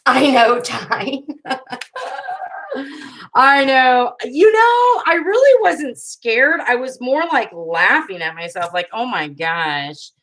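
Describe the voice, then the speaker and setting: A woman in her thirties with a bright, forward voice, chatting casually on a live crafting stream. She rambles through stories as she works and laughs easily. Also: high-pitched, big pitch swings, slow, rough recording. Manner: chatty, rambling storyteller who laughs often. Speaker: paper craft video host.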